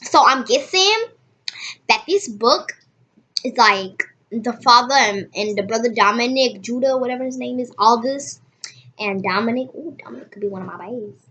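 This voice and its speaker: A woman hosting a casual read-aloud, reading haltingly with restarts and dropping into soft asides. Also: fairly high pitch, a little hiss or hum. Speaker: host reading a book aloud.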